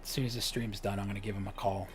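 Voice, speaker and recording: A man's voice: on the low side, little pitch movement, very fast, music in the background. Man rambling jokingly on a live stream. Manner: rambling, joking storytelling, drops to a whisper for asides. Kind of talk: casual chat while streaming a game.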